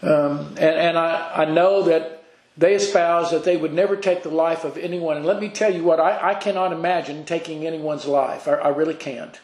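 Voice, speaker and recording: Man, preacher, high voice, earnest, halting restarts, reads scripture, roomy echo. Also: fairly even intonation, a little mellow. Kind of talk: sermon. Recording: echoey room.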